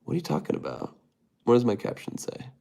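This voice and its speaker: A man's voice: mid-range voice, wildly swooping pitch, fairly quick, gravelly, warm tone. A man hosting a casual livestream, reading viewer comments aloud and muttering to himself while he types. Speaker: livestream host.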